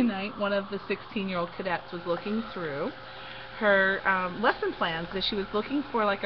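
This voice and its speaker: A middle-aged woman hosting a casual craft livestream, giggling often as she tells a story while she works. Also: mid-range voice. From Canada. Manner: giggly, animated storyteller who laughs often. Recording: dull lo-fi stream audio with faint noise.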